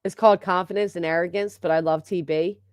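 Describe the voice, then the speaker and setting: A woman's voice: lowish voice, fairly even intonation, fast, no echo, clean studio sound. Gossipy woman chatting on a livestream. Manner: chatty, gossipy, laughs often. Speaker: livestream host. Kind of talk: casual livestream chat reading comments.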